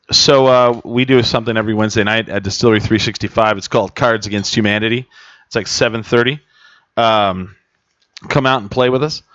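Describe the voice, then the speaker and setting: Brief: man, low voice, lively storyteller, dull dry recording. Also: no room sound. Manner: animated storyteller, loud acted screams. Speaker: podcast co-host. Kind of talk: casual comedic chat.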